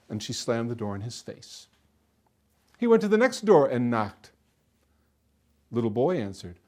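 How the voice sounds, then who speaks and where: Animated male folktale storyteller. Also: mid-range voice. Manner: animated, expressive, slowing for effect.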